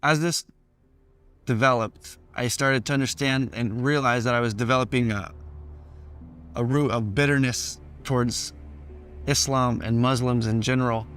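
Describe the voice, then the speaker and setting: A man's voice: mid-range voice, fairly bright tone. A man speaking in a documentary interview about his father's kidnapping, in a reflective, plain-spoken way with some hesitations. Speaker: son of a hostage. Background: faint music.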